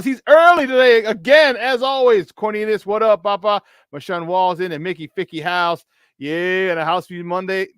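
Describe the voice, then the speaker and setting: A man's voice: sits high, fairly bright tone, clean tone, dry recording. A man with a Chicago accent hosting a live morning sports talk show, riffing playfully through promos with asides.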